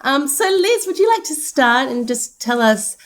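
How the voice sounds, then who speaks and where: A woman's voice: high-pitched, very animated, unhurried. A woman with an Australian accent co-hosting a podcast, chatty and upbeat, introducing guests. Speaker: podcast co-host. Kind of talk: casual podcast chat.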